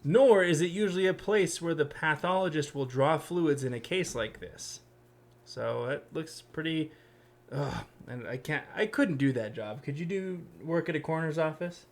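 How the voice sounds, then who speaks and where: A man's voice: on the high side, normal speed. A man co-hosting a podcast, reading creepy stories aloud in a casual way and breaking off with blunt, joking reactions.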